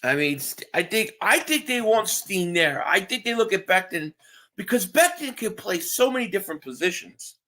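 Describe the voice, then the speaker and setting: A man's voice: high voice, animated, normal speed, sharp tone. A man hosting a live stream, chatting casually and answering viewers' comments while tired from just waking up. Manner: reads chat aloud and answers viewers, with restarts.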